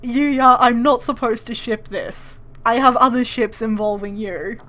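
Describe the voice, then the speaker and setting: A woman's voice: a little high, fairly even intonation, unhurried, a bit bright. A woman hosting a visual novel playthrough, making wry, joking asides. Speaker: let's play host.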